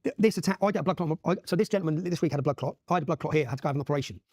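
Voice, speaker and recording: A man's voice: fairly high pitch, very fast, a little mellow, no echo, clean studio sound. A man from Luton, telling his own story as an interview guest, emphatic and often checking in with "yeah?". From Luton, England. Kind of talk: animated personal storytelling.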